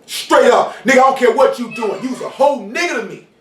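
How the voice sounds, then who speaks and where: Man, street preacher, high voice, slangy, shouts for emphasis, distant mic, faint hiss. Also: lively intonation, brisk, faint music behind. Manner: street slang, repeats "you know what I'm saying", shouts for emphasis. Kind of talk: informal sermon. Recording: roomy hall, mic far off, faint noise.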